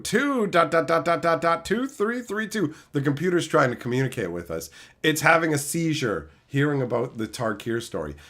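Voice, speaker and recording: A man's voice: a little high, pushed and bright. A young man on a livestream, ranting with angry, sarcastic and profane outbursts. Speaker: streamer. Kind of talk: livestream rant.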